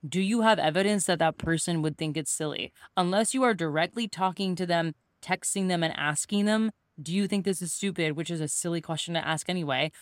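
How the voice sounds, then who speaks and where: A young woman who hosts a podcast and works as a coach chats casually and tells animated stories, acting out other people's voices as she quotes them. Her voice is fairly low and fairly quick, with few pauses. The recording is dry, clean studio sound.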